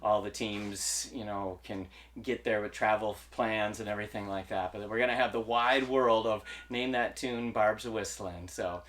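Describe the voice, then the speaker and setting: A man co-hosting a kids' variety show, chatting through announcements with many ums and uhs, quick to laugh. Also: fairly low pitch, steady tone, a bit bright, slight background noise. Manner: laughs often, fillers and hesitations when announcing. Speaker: co-host. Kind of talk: playful kids-show banter and sung jingle.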